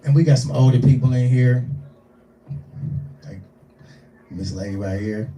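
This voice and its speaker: A man in his forties doing live stand-up, telling a profane, animated story and acting out the voices in it. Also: medium pitch, a little slow, crowd noise. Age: 40s. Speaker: stand-up comedian. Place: small live venue. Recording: echoey room, distant mic.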